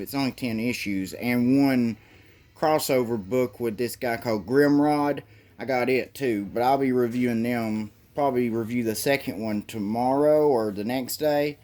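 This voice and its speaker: A man's voice: medium pitch, a little mellow. A man talking through a comic book review in an easygoing, rambling way. He stumbles over words and swears casually, with an ordinary mid-range voice.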